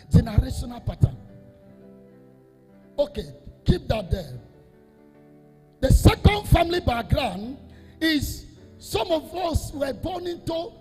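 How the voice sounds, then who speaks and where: A man, a Catholic priest, preaching an emphatic sermon that repeats phrases and swells into half-sung, shouted lines. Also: very high-pitched, long reverb tail.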